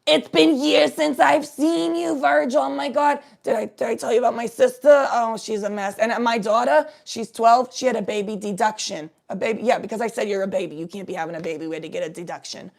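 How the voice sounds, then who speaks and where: A woman voicing a brash, rambling middle-aged woman at a street festival who chatters loudly and gushes. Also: on the high side, fairly even intonation, a little fast, creaky, hardly any pauses. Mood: gushing. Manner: loud, gushing chatter.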